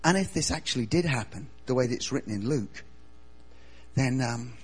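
Animated, husky-voiced preacher. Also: male voice, medium pitch, normal speed, soft background music. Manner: animated storytelling, swings from loud to quiet. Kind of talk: sermon.

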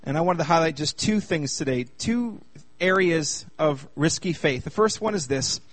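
Animated man preaching, high voice, dry close recording. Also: moderate pace, dry recording. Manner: animated, asks the audience many rhetorical questions. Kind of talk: sermon.

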